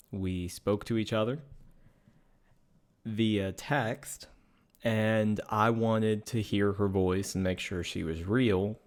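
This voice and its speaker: An earnest young man with a somewhat low voice recounts a personal experience. He speaks in a measured, matter-of-fact way, explaining himself step by step. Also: a little mellow. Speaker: podcast co-host. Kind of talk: personal storytelling.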